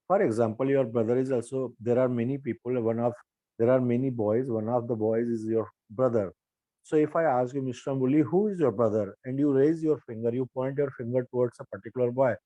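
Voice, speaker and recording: An older man with an Indian English accent teaches grammar in a mellow, warm voice. He explains patiently and runs through drill sentences aloud. The sound is dry and close. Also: mid-range voice, steady tone, fairly quick, dry recording, rough recording. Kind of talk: spoken grammar lesson.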